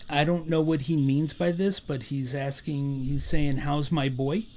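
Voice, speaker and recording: A man working as a psychic medium gives an earnest spirit reading on a live stream, relaying messages in repetitive, animated bursts. His voice is a little high, and his pace is measured.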